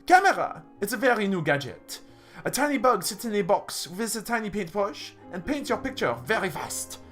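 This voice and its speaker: Brief: male performer as a naive young cat lady, pitched well up, bubbly, lively swoops. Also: normal speed, faint music behind. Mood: excited. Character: sweet young female cat noble, naive and cheerful.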